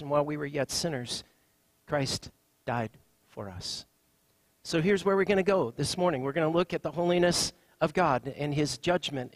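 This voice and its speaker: A man's voice: on the high side, no echo. A man preaching a sermon as a pastor, conversational and loose, with fillers and restarts.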